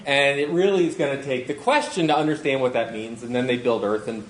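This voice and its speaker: A middle-aged man giving a conference talk as a guest speaker, animated and self-deprecating, laughing often. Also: medium pitch, brisk. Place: lecture hall. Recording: echoey hall, faint noise.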